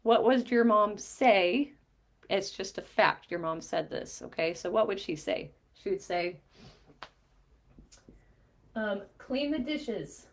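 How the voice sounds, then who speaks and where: A middle-aged woman, a mindset coach, explaining a diagram and retelling a coaching conversation in a lively storytelling way. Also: medium pitch, slow, long pauses. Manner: animated storytelling, quoting both sides of a conversation with light laughs. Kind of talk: explaining a coaching diagram while recounting a session.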